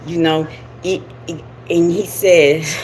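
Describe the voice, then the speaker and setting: A deep-voiced woman hosts a live stream about spirituality, speaking slowly and a little mellow, with fairly even intonation. She rambles casually and laughs in asides. The stream's camera audio is poor, with a bit of hiss or hum.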